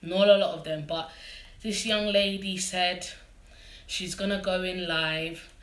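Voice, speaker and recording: A woman's voice: on the low side, fairly even intonation, measured pace, fairly bright tone, echoey room. A woman with a London accent hosting a casual live interview, chatty and bubbly. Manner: chatty and bubbly, laughs often. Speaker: host. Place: living room.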